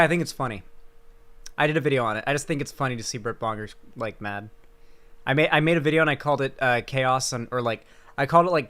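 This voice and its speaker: Young male streamer, mid pitch, profane sarcastic banter, home desk mic. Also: pushed and bright. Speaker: live streamer. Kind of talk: late night stream commentary.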